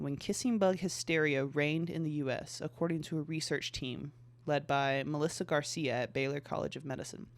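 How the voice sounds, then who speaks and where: A young adult podcast host in casual chat, reading passages aloud, often stumbling and restarting and dropping in a lot of "like.". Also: mid-range voice.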